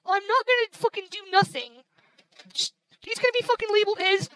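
Very high bright woman, casual gaming commentary, constant cursing. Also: expressive, fast, slight background noise, rough recording. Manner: frustrated, swears constantly. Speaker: gaming video creator.

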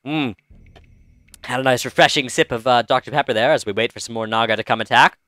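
A man's voice: medium pitch, fast talker, bright, forceful tone, dry recording, clean studio sound. A man hosting a let's-play, chatting casually and rambling through commentary with many fillers and restarts. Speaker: game let's-play host.

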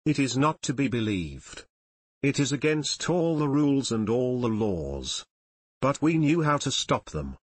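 A man with a husky voice narrates an audiobook in a steady, solemn way. His pitch sits in the middle, and the recording is close and dry with no room sound. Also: measured pace, no room sound.

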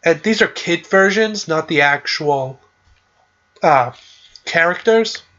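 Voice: medium pitch, lively intonation, slow pace, a bit bright. Chatty podcast host on a lo-fi mic. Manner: loose and chatty, with frequent "like" and "uh". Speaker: podcast host recapping a video game story. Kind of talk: casual rambling recap.

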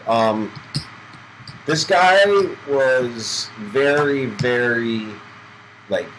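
A man's voice: mid-range voice, a bit bright, a little hiss or hum, poor audio. A young man co-hosting a poker stream, chatting casually and retelling a hand he played. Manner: quick asides about hands, storytelling. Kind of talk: casual live-stream chat.

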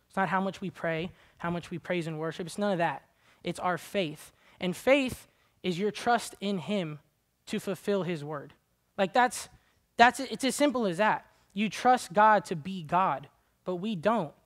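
A man's voice: high-pitched, a bit bright. A man preaching a sermon in a church, talking in a casual, earnest, conversational way that turns impassioned.

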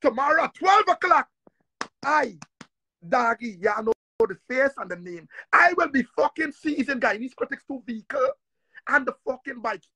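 A man on a heated livestream rant, angry, profane and repetitive, often shouting. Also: very high-pitched, expressive, normal speed, breathy edge, dry recording.

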